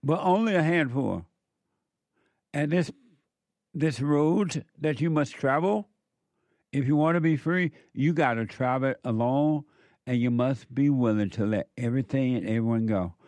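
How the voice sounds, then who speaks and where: A man's voice: medium pitch, a little slow, a little mellow, dry recording. A man giving an informal spiritual talk as a counselor, blunt and emphatic, repeating words for stress.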